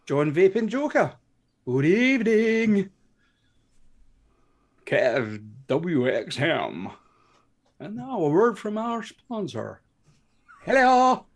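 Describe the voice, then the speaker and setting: A woman co-hosts a live stream, rattling through viewer greetings in a chatty, sweary way. Her pitch bounces up and down as she talks. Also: big pitch swings, slow pace, long pauses. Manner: chatty, laughing, swears freely. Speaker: co-host. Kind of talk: live stream chat, reading out viewer names.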